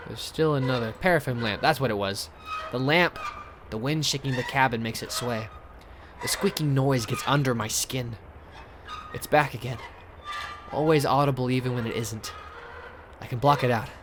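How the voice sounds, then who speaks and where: A man playing a story game, reading the text aloud and thinking out loud in casual commentary. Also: medium pitch, moderate pace, noisy background. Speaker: let's player.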